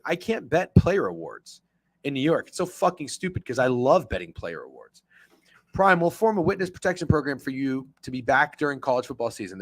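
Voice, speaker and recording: A man's voice: medium pitch, a bit bright, no room sound. Casual man hosting a betting stream, profane and rambling, dry close mic. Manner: loose, profane, chatty, reads chat aloud. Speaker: sports betting show host. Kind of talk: casual livestream chat with viewers.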